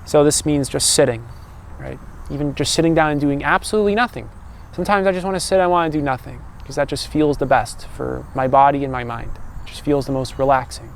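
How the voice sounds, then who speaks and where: A young man, a personal growth coach, talking in a calm and loose way, often ending thoughts with "right?" and restarting sentences. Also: on the high side, a little fast, creaky, a little hiss or hum. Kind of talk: casual reflective monologue.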